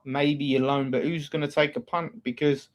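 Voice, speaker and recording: A man's voice: a little high, steady tone, moderate pace, muffled recording. A man co-hosting a football fan show, talking casually and bluntly, with plenty of swearing and restarts. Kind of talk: casual chat.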